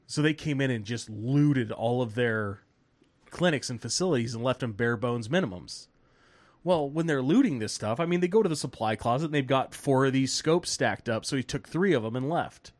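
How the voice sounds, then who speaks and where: Animated storytelling man on a podcast. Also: mid-range voice, normal speed. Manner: animated, swearing, laughing while telling stories, acting out quoted people. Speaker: podcast host. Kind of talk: casual storytelling.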